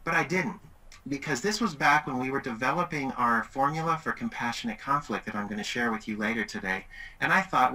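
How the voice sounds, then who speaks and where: A man's voice: medium pitch, fairly quick, low-quality recording. A middle-aged man giving a webinar presentation, telling a story animatedly. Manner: animated, acts out quoted voices.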